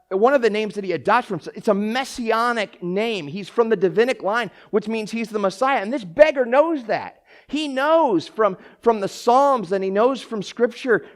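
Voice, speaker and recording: A pastor with a high voice delivers a lively, animated sermon, swinging from hushed asides to near-shouted cries. He acts out the lines he quotes and often repeats and restarts phrases.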